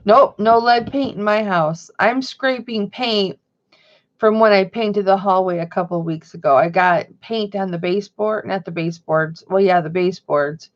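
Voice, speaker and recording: A woman's voice: mid-range voice, moderate pace, muffled recording. A woman vlogging from home in a rambling, chatty way. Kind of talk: casual chat.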